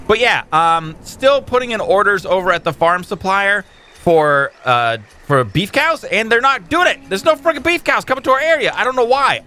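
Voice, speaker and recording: Lively, bright-voiced gamer man. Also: on the high side, slight background noise. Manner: animated, exasperated outbursts, many fillers. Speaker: gaming channel host. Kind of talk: casual gameplay commentary.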